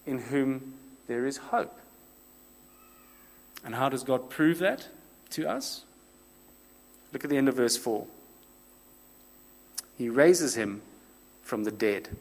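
A man preaching a sermon, with expressive rhetorical repetition and some self-deprecating humor. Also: fairly high pitch. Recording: long reverb of a large room.

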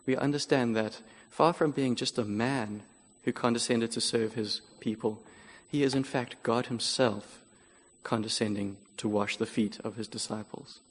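A man preaching a sermon, explaining scripture in a measured, earnest way. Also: medium pitch, steady tone. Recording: long hall reverb.

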